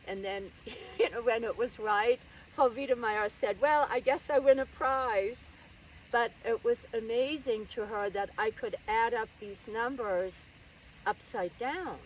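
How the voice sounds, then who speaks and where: An older woman from Germany tells a story from her childhood in a relaxed, conversational way, full of little asides. Her voice sits a touch high, and she is heard somewhat far from the mic with faint background noise. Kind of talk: personal storytelling.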